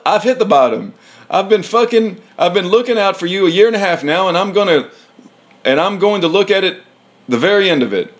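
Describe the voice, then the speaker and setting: Guy w a pretty high voice ranting, swears a lot, reading it out, lil laughs here n there. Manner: heated, profane rant with short laughs.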